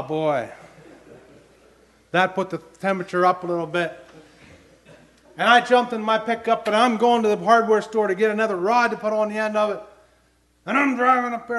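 A man's voice: high voice, fairly bright tone. A middle-aged man preaching a sermon, telling personal stories in an earnest way and building to emphatic questions.

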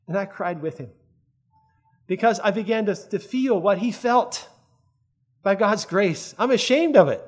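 A man's voice: high voice, expressive, measured pace, long pauses. A man preaching a sermon in an earnest, conversational way, often checking that his listeners follow.

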